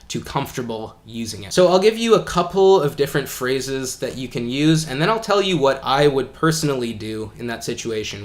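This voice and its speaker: A man teaching English in an online video lesson, talking in a casual, friendly, explaining way with some fillers. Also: medium pitch.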